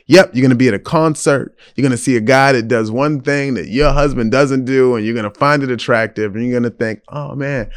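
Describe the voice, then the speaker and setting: A smooth, mid-range male voice belongs to the host of a casual advice podcast. Answering a listener's letter, he is frank and blunt, with a lively delivery.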